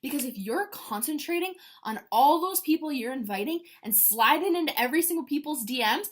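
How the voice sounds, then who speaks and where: A woman giving an energetic motivational pep talk to her sales team, emphatic and swinging between loud bursts and hushed asides. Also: sits high, fairly quick, few pauses.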